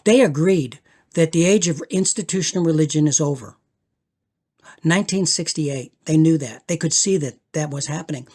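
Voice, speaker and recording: An older man, a guest on a spiritual podcast, talking reflectively and earnestly, often restarting and repeating words as he searches for them, slowing for emphasis and swelling when moved. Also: a little high, darkish tone.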